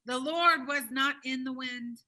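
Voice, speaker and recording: A woman preaches a sermon in a high, very bright voice. She presses hard on key words, then drops to hushed, low tones. Her delivery keeps shifting between ringing emphasis and quiet intensity. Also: measured pace, rough recording.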